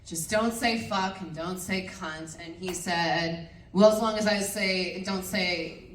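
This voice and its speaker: Woman panelist, animated storyteller, quick to laugh and curse; recorded far off in a reverberant hall. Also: fairly low pitch, a little hiss or hum. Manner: lively, laughs often, swears freely. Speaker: film director on a convention panel. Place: convention panel room.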